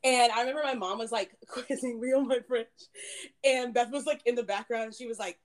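A woman's voice: a little high, brisk. Giggly chatty woman in her late twenties. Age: 20s. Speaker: podcast co-host. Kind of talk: casual chat.

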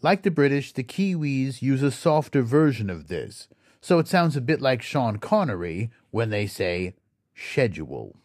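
Man explaining words slowly, lively pitch. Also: dry recording, clean studio sound. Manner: slow, careful explaining, spelling words out letter by letter. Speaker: podcast host. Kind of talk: scripted educational narration.

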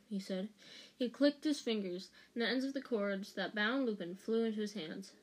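A woman's voice: medium pitch, moderate pace. A woman reading a fan audiobook aloud, unpolished and casual, restarting lines and commenting on her own slips. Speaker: audiobook reader.

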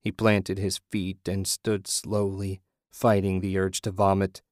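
A man narrating a horror story in a steady, measured reading. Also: deep voice, dry recording, studio quality.

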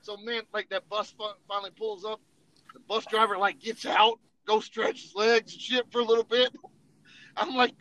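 A man's voice: high-pitched, little pitch movement, moderate pace, bright, forceful tone, rough recording. A man telling funny army stories in casual, profane storytelling, laughing and acting out voices as he goes. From Tennessee.

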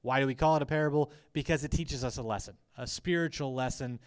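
A young man preaching a lively, conversational sermon, acting out quoted lines with many fillers. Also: mid-range voice, fast talker, clean tone. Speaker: youth pastor.

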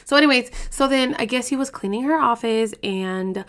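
A young woman with a bright, sharp voice hosts a podcast and tells a story from her own life. She talks casually and bluntly, with plenty of profanity and chatty asides to her listeners. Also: fairly high pitch, normal speed. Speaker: podcast host.

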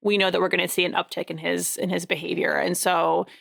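A woman's voice: on the low side, fast, gravelly. A woman in her thirties chatting casually, telling parenting stories and quoting herself to her kids. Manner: animated storytelling, quoting herself at length. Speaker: parent co-host. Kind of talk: casual chat.

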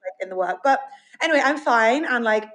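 A woman's voice: a little high, expressive, fairly quick, a bit bright, rough recording. A woman from the UK as a podcast guest in casual chat, talking openly and rambling with many fillers. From United Kingdom. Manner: rambling, open, many likes.

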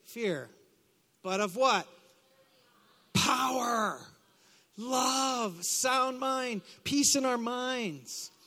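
High, bright-voiced preaching pastor. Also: male voice, extremely slow, long pauses. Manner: call-and-response, leading the congregation in declarations; conversational asides with bursts of shouting. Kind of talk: live sermon. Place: church sanctuary. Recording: long hall reverb.

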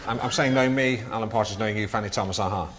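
A man's voice: lowish voice, quick pace, fairly bright tone, natural voice. An actor playing an awkward, self-important male chat show host who stammers and gets flustered, in 1990s TV sitcom acting. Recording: noisy old TV recording.

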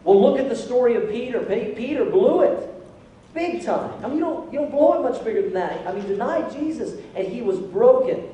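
Animated male pastor in an echoey church. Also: very high-pitched, a little fast, a little hiss or hum. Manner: animated, call-and-response with the congregation. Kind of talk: sermon. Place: church sanctuary. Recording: echoey hall from far off.

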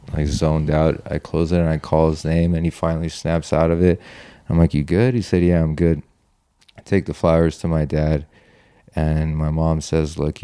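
Guy with a super deep flat voice, rambling story with lots of like and you know. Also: smooth, no room sound, studio quality. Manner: rambling, heavy on "like" and "you know", swears casually. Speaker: guest telling his story. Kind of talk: casual personal storytelling.

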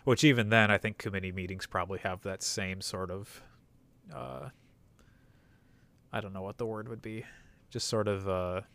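A young man in casual podcast chat, talking in a thoughtful, measured way and pausing to search for words. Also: on the low side, fairly even intonation, creaky, a bit bright.

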